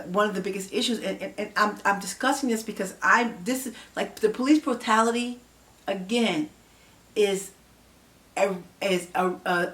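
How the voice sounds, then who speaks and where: A woman's voice: mid-range voice, a bit bright. Emotional woman vlogging, slightly distant mic. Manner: impassioned, rambling with many fillers and restarts. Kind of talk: emotional vlog commentary.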